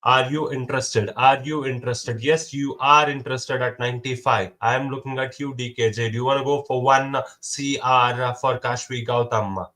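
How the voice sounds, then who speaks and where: Young guy auctioneering for friends, repeats the bids over and over, counts down fast before selling. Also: medium pitch, fairly even intonation, sharp tone. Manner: repetitive calls and countdowns, brisk. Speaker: mock auctioneer. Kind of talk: casual auction calling.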